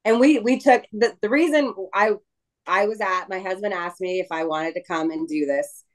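A middle-aged woman being interviewed about returning to wrestling, talking emotionally with frequent restarts and pauses. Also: medium pitch, poor audio. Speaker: guest wrestler. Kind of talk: casual interview chat.

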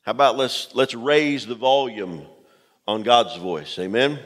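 A man's voice: medium pitch, measured pace. A man preaching a sermon as pastor to his congregation, emphatic and direct, repeating key phrases. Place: church sanctuary. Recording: long hall reverb from a church.

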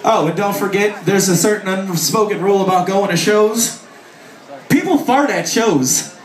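A man shouting profane jokes in an echoey club. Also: high-pitched, normal speed. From Chicago area. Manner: loud, swearing, mock voices, shouting to the crowd. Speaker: author speaking at a music festival. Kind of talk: profane comic stage talk to a crowd. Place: festival stage at a bar venue. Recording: echoey live venue, mic heard from a distance.

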